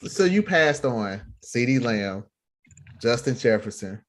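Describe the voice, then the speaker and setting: A man co-hosting a live show, calmly explaining his fantasy football strategy in casual chat. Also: medium pitch, takes it slowly. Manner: explains his own picks in an even, matter-of-fact way. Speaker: podcast co-host.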